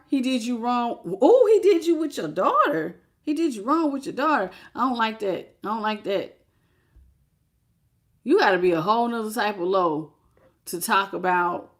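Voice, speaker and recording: A woman giving a live-streamed tarot reading, talking in a casual, chatty and animated way and greeting viewers as she goes. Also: fairly high pitch, normal speed. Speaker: tarot reader.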